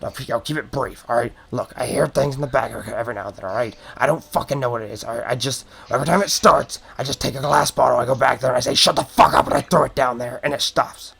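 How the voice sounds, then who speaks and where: A man's voice: medium pitch, quick pace, creaky, hardly any pauses. Man doing a cursing grumpy goblin barkeep. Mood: exasperated. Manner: irritable, cursing, hushed and jumpy. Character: short grumpy foul-mouthed male goblin barkeep.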